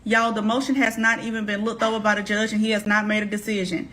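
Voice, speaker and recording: A woman recapping news to her viewers in a direct, brisk way, calling them y'all. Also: mid-range voice, little pitch movement, pushed and bright.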